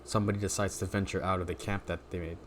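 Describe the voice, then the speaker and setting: Man, low voice, slangy laid-back podcast talk, faint background hiss. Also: little pitch movement, very fast, a bit bright. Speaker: podcast co-host. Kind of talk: casual chat, improvised story.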